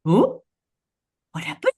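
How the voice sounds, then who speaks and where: A begrudging old woman out of a folktale, nagging and fault-finding, her voice lifted higher than normal speech, as a woman acts her out. She sounds sour and petty, as if nothing in the world pleases her. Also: level tone, measured pace, a bit bright. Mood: puzzled.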